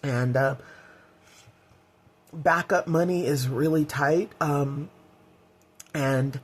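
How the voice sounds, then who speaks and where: A woman's voice: low voice, steady tone, drawn-out words, breathy edge. A middle-aged woman vlogging in a candid, heartfelt way, rambling with fillers as she talks. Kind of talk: casual personal vlog.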